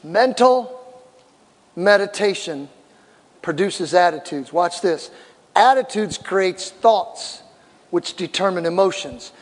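A middle-aged man preaching a sermon as a pastor, animated and acting out the voices in his stories. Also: high voice, slow pace, long pauses, in a large hall.

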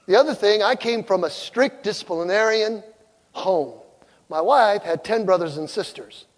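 High-voiced middle-aged male preacher, echoing hall. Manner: emphatic storytelling, asks the crowd questions. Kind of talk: sermon on marriage with personal stories.

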